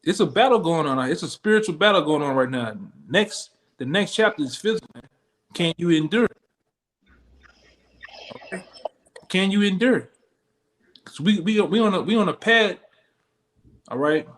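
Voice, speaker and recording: A man's voice: fairly high pitch, expressive, a little fast, fairly bright tone. Man preaching in blunt street slang. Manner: blunt, slangy, challenging questions. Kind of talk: street-style sermon.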